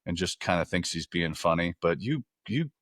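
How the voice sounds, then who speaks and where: A man's voice: deep voice, animated, normal speed, fairly bright tone, dry recording, clean studio sound. A man hosting a casual interview podcast, blunt and swearing freely. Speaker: podcast host.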